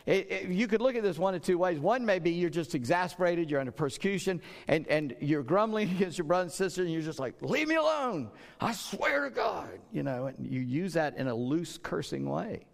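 A man's voice: on the high side, fairly quick, vocal fry, hardly any pauses. A middle-aged man preaching a sermon in a conversational way, often repeating words and acting out the speech he quotes. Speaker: pastor. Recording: long hall reverb.

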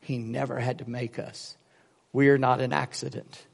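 In a creaky, mid-range voice at normal speed, a pastor preaches a sermon full of stories, animatedly acting out voices in his jokes. The sound carries the long reverb of a hall.

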